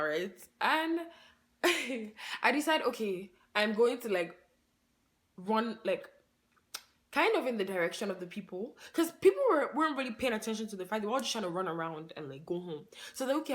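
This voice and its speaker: A woman telling a story on her vlog in a casual, excitable way, laughing along and saying "like" in nearly every phrase. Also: medium pitch. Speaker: vlogger.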